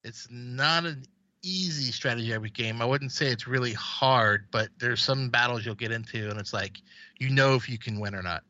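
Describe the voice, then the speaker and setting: A man rambles casually about games on a podcast, his voice very bright and forward. The sound is dry and close, though a little dull in band. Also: mid-range voice, moderate pace, no echo. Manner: rambling, with many fillers and restarts. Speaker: podcast co-host.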